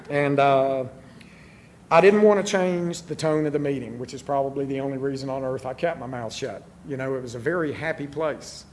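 A man's voice: medium pitch, a little hiss or hum. A middle-aged man telling his own recovery story in a candid, self-deprecating way, with many fillers. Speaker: recovery speaker. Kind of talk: personal recovery talk.

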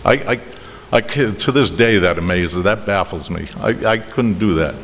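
A middle-aged man with a Boston accent tells a meandering personal story about his drinking at a recovery meeting, halting and restarting with chuckles. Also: lowish voice, a bit bright. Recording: reverberant hall with faint noise.

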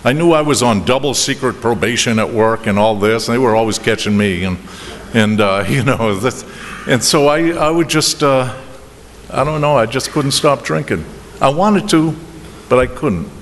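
A middle-aged man with a Boston accent tells a meandering personal story about his drinking at a recovery meeting, halting and restarting with chuckles. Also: medium pitch. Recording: reverberant hall with faint noise.

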